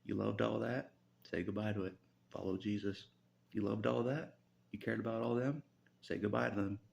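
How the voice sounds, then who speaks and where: A man's voice: on the low side, steady tone, moderate pace, gravelly, darkish tone, slight background noise. A man rambling through a casual spiritual monologue, chuckling often, swearing and saying "you know" a lot.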